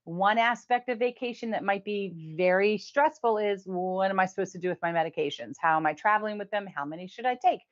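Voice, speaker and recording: A woman's voice: mid-range voice, lo-fi sound. Chatty woman hosting a review show. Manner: chatty, laughs often, quick asides. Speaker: host. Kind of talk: casual weekly review show.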